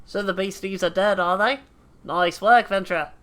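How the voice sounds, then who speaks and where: A woman voicing a gruff, cocky male mercenary from a game, in a put-on British accent that slides into Australian, rough and swaggering. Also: mid-range voice, moderate pace, a bit bright, lightly acted. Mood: grudging. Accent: put-on British slipping into Australian. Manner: rough, swaggering, clipped drops like "oi" and "ain't". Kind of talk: reading game dialogue aloud.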